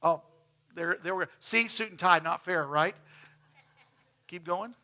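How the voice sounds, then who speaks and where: Bright-voiced chatty preacher. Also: male voice, high-pitched, a little slow. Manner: chatty, storytelling, acts out quoted people. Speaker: pastor. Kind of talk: casual sermon, telling stories over slides. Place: church.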